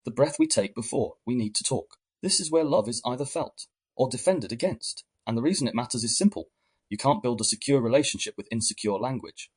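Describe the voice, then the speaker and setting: A man hosting a podcast, giving measured, reflective scripted narration. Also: medium pitch, a little mellow, breathy edge. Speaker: podcast host.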